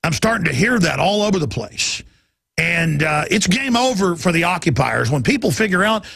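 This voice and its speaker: A man's voice: high voice, big pitch swings, moderate pace, vocal fry, bright, forceful tone, no room sound. A middle-aged man from Texas hosting a talk radio show, ranting heatedly and mocking his opponents. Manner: heated, ranting, mocks opponents in put-on voices. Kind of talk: impassioned talk radio monologue.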